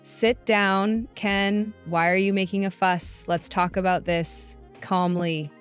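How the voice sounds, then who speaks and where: A woman voicing a mother-in-law who speaks calmly and tries to settle a family fight. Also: medium pitch, slow pace, clean tone, faint music behind, natural voice. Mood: calming. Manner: calm, placating. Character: calm older mother-in-law.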